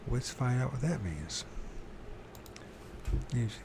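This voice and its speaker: A man's voice: mid-range voice, slow pace, darkish tone, a little hiss or hum. A man reading a book aloud, stumbling over words and correcting himself, with casual muttered asides to his listeners. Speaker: channel host reading aloud.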